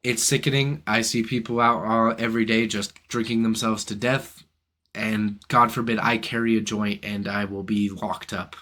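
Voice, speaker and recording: A man's voice: lowish voice, steady tone, normal speed, pushed and bright. Indignant profane young man ranting. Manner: indignant, profane, rhetorical questions. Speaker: philosophy channel host. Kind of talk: ranting monologue to camera.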